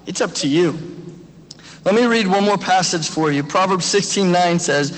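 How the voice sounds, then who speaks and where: Pastor, man in his 30s, high tenor, earnest exhorting sermon, long hall echo. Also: moderate pace. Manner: earnest, exhorting, asks direct questions. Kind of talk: graduation sermon and prayer.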